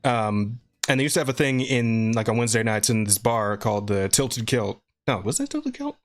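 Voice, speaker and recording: A man's voice: medium pitch, sing-song, normal speed. A man co-hosting a podcast, chatting loosely and rambling, with casual swearing.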